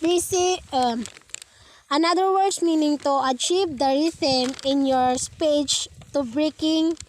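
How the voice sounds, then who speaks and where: A woman's voice: high-pitched, slow pace, a little hiss or hum. A woman with a Filipino accent reading a lesson module aloud, stumbling and restarting words, moving between English and Filipino. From Philippines. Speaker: student presenter.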